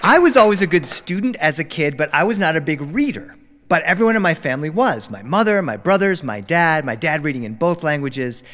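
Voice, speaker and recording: A man telling a family story live in a studio, animated and dramatic. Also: fairly high pitch, a little fast, long reverb tail, a little hiss or hum. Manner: animated, dramatic, jumps into character voices. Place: recording studio.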